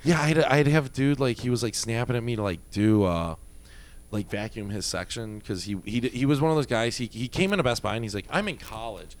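A young man in casual chat, telling animated stories and swearing freely. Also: medium pitch, fairly quick.

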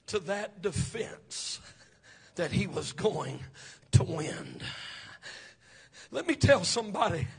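A man's voice: sits high, husky. A man preaching a Pentecostal sermon, chanting his phrases with "uh" breaths between them.

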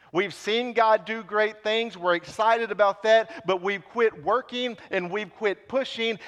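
A man preaching a sermon with passion, swinging between loud appeals and hushed lines. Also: high-pitched. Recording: long hall reverb.

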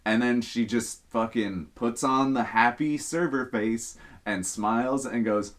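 A man's voice: medium pitch, measured pace. A young man hosting a podcast, casually telling a workplace story with lots of swearing. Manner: profane, animated storytelling. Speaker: podcast host.

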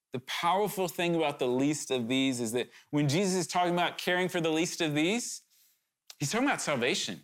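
A man's voice: a little high, animated, a little fast. A man preaching a sermon to his congregation, earnest and urgent, talking conversationally with candid asides and sudden emphatic rises.

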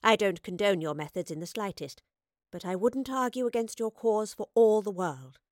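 A woman's voice: medium pitch, normal speed, dry recording, studio quality, lightly acted. A woman voicing an eccentric, cheerful female professor who talks in a whimsical, self-amused way. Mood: breezy. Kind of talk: audiobook character voice.

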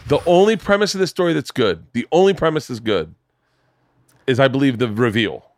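A middle-aged man hosting a podcast, telling a story with animated, profane energy and acting out the voices of the people in it. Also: mid-range voice, brisk, dry recording. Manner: animated, swearing, acts out voices while telling stories. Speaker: podcast host. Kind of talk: casual chat, storytelling. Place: home podcast studio.

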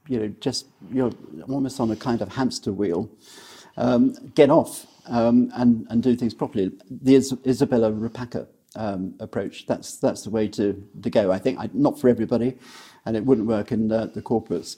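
A man giving property-selling advice in an interview, speaking in a measured way with many hesitations and restarts. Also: lowish voice, dark tone, breathy edge. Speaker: guest, property sales expert. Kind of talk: conversational interview.

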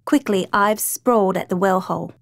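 A woman narrates a scripted story with a measured, dramatic delivery. Her voice sits in a middle pitch. The recording is dry and close. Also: vocal fry, dry recording.

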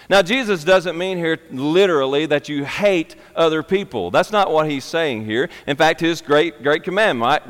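A man's voice: on the high side, fairly bright tone, smooth, in a large hall. A man preaching a sermon, earnest and emphatic, repeating his key phrases for weight.

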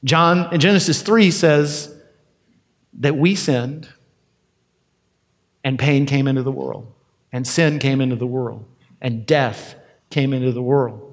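A man's voice: medium pitch, takes it slowly, pauses often, big-room sound. A man preaching a sermon as pastor, talking conversationally and acting out quoted lines.

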